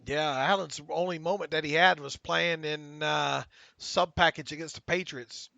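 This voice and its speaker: A man co-hosting a casual sports talk podcast, excitable, often stammering and repeating words as he reads listener questions. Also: a little high, normal speed, vocal fry, dry recording. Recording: dull lo-fi audio.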